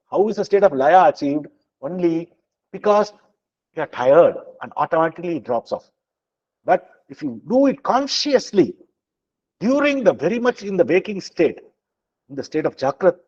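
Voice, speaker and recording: A man teaching a scripture lesson, explaining slowly with many fillers and chanting verses. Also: a little high, a little mellow, husky, dull audio. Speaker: spiritual teacher.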